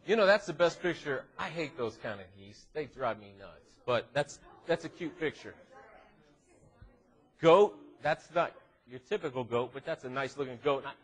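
A man giving a youth devotional at church in an animated, joking way, teasing the teenagers in front of him. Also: mid-range voice, moderate pace, husky. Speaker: youth minister. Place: church classroom.

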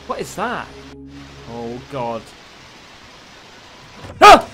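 Playing a horror game for his YouTube channel, a man is jumpy and swears while talking to himself in let's play commentary. His pitch is fairly high and his tone fairly bright, very animated though a little slow. Eerie game music runs beneath him.

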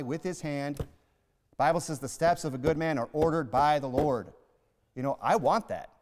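A man's voice: mid-range voice, clean tone. A male pastor preaching a sermon in a church, emphatic and conversational, full of rhetorical questions. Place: church sanctuary. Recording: long hall reverb.

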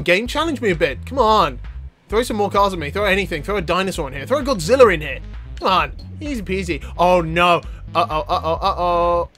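A man giving animated, joking gameplay commentary to his viewers. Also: a little high. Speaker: gaming YouTuber.

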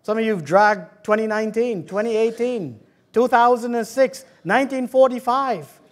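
A man with a British accent preaching a lively sermon in church, calling out to the congregation and joking with them. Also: extremely high pitch, normal speed. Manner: fervent, calls out to the congregation and jokes. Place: church hall.

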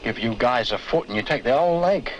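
A man's voice: mid-range voice, highs cut off, slight background noise, natural voice. An actor playing a joking old male miner who tells tall tales in colloquial slang, drawing out his punchlines. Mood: dry joking. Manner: animated storyteller, drawn-out punchlines. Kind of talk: film dialogue.

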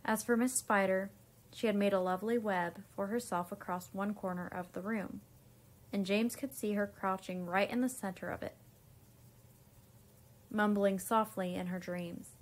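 A woman, a teacher, reading a children's storybook aloud in an unhurried way, with small slips and restarts. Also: medium pitch, steady tone.

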